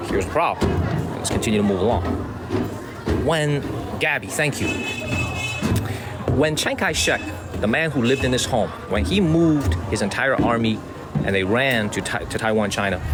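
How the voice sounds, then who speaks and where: A man's voice: medium pitch, moderate pace, pauses often. A man from the United States hosting a live-streamed walking tour outdoors, chatting to viewers, thanking them by name and repeating his points. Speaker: livestream tour host. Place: outdoors at a historic residence. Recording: outdoor street noise.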